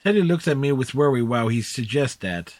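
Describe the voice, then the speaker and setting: A man with a mid-pitched voice reads a game's story text aloud in the first person. He keeps a steady pace and trips over a word now and then before correcting himself. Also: fairly quick, soft background music. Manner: steady reading with small slips and restarts. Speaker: streamer reading a game story aloud.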